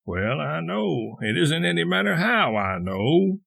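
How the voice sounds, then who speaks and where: A man's voice: on the high side, sing-song, unhurried, creaky, a bit bright, exaggerated voice. A man doing a sneering drawling dwarf. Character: small sneering moldy male dwarf, contemptuous, drawling.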